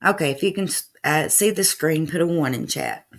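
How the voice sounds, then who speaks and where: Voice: mid-range voice, expressive, moderate pace, vocal fry. Chatty livestream host. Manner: loose, chatty, with fillers and asides to chat. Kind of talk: casual commentary over archive clips.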